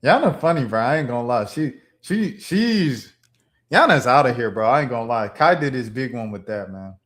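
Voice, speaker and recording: A man's voice: mid-range voice, animated, normal speed, a bit bright. A young man hosting a livestream, talking in a laid-back, slangy, chatty way. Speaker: streamer host. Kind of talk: casual livestream commentary.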